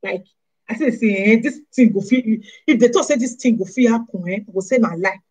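A woman with a Nigerian Pidgin accent, talking straight to her viewers in an animated, scolding way and firing off rhetorical questions. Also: on the high side, husky, low-quality recording. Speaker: vlogger. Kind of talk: casual monologue to camera.

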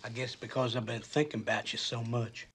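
An actor playing an awkward, fawning middle-aged suitor who talks nervously. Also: male voice, medium pitch, level tone, a little fast, lightly acted. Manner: nervous, eager to please. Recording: film audio with background noise.

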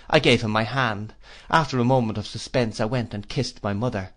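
A man's voice: mid-range voice, fairly quick, a bit bright. Man narrating a classic novel. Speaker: audiobook narrator.

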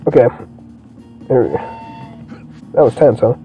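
A young man giving profane, excitable commentary while playing a video game. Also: medium pitch, measured pace, pauses often, slightly rough, highs cut off, soft background music. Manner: profane, excitable, swears constantly. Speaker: gameplay streamer. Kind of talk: let's play commentary.

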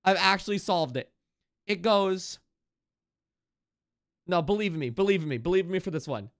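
A man streaming a video game live, thinking out loud and repeating himself, with sudden excited outbursts. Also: high-pitched, normal speed. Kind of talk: live gameplay commentary.

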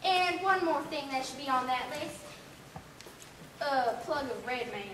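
A woman's voice: high voice, animated, a little slow, fairly bright tone. A young actress in a school play playing a brash, fibbing orphan girl with rural talk. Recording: roomy stage sound from far off, noisy.

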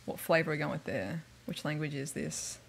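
A woman's voice: low-pitched, animated, a little fast, gravelly, husky. A woman streaming a video game, chatting casually and playfully with lots of giggles. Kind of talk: casual livestream chat while playing a video game.

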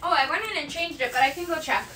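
A woman's voice: sits high, quick pace, pushed and bright, slight background noise. A woman hosting her shop's livestream, chatting enthusiastically as she shows products. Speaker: shop owner hosting a livestream. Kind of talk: casual live product showcase.

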